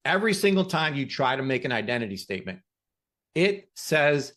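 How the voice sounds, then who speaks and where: A man hosting a podcast who gives a motivational talk and tells stories in an emphatic, animated way. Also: medium pitch, brisk. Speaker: podcast host.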